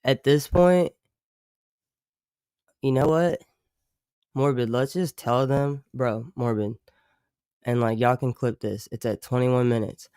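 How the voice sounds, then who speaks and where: A man hosting a casual livestream takes it slowly, leaving long pauses, his mid-range voice darkish, clean and fairly even in intonation. He talks in loose slang with many "like" fillers and swearing, chuckling often, and the dry recording is studio quality.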